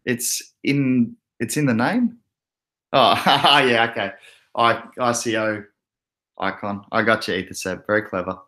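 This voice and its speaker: A man's voice: mid-range voice, measured pace. Laid-back Australian man, chatty streamer. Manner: relaxed, chatty, laughs often, reads chat aloud. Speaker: crypto livestream host. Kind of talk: casual livestream chat.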